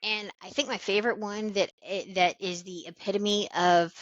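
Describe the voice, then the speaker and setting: A woman's voice: mid-range voice, steady tone, moderate pace, no echo. A woman co-host tells a story in loose, profane chat. Her voice sits in a middle range. It comes through a dry, slightly muffled lo-fi recording. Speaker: podcast co-host. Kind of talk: casual chat.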